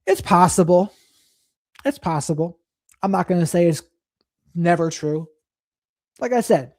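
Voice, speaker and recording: A man's voice: sits high, warm tone, no echo, studio quality. A man hosting a live stream, commenting on clips in a reflective way and reading and thanking viewers from the chat.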